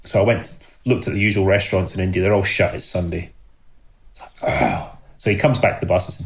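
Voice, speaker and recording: Gravelly Scottish man telling a story. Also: lowish voice, fairly quick. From Scotland. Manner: animated anecdote-telling with laughs. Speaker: guest. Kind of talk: storytelling in a podcast interview.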